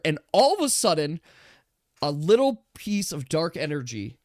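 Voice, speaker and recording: A game master narrating a tabletop role-playing game in slow, drawn-out descriptions that sometimes drop to a hush. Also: medium pitch, very animated, dry recording, clean studio sound.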